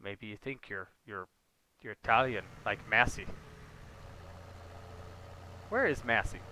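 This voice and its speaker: A man's voice: lowish voice, slow, pushed and bright, slight background noise. A man chatting casually with his viewers while livestreaming a game, joking and talking to them by name. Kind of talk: casual gameplay livestream chat.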